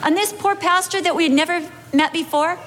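A middle-aged pastor's wife with a very high voice tells a funny personal story fairly quickly, acting out scenes with sudden dramatic shifts. The recording carries hall echo and faint background noise.

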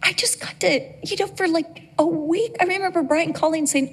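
Woman, middle-aged, high voice, sermon, earnest, emotional storytelling. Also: moderate pace. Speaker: preacher.

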